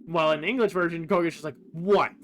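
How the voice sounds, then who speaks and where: Man musing over game dialogue, slightly high. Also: racing, fairly bright tone, slight background noise. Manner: thinks aloud, reads quoted lines in a plain voice. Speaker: game streamer. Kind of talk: casual commentary on a game's translation.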